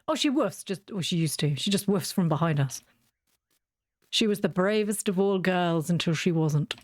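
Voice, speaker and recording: A woman's voice: lowish voice, lively intonation, moderate pace. A woman chatting casually while playing a video game, telling rambling stories and giggling often. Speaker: gaming video host. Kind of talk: casual gameplay chat.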